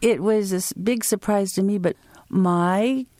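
Woman storyteller, slow and expressive, dry close mic. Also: mid-range voice, no echo. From United States. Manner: slow, vivid, expressive delivery with acted-out quotes. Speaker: storyteller and interview guest. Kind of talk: staged personal storytelling.

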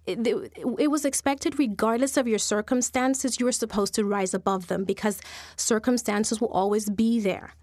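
A woman storyteller, telling a folk tale with lively, dramatic pacing. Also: fairly high pitch, moderate pace, dry recording, studio quality. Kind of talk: animated oral folk storytelling.

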